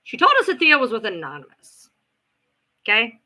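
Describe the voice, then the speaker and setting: Middle-aged woman streamer, profane and sarcastic gossip, lively pitch. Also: normal speed. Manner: animated, profane, sarcastic gossip with acted-out quotes. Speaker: livestream host. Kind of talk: casual storytelling on a livestream.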